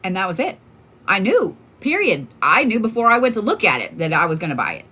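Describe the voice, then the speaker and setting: A woman's voice: medium pitch, huge pitch swings, fairly quick, pushed and bright, breathy edge. A woman from Oklahoma, a tarot card reader chatting casually on a livestream, telling stories in a candid, profane way with lots of fillers.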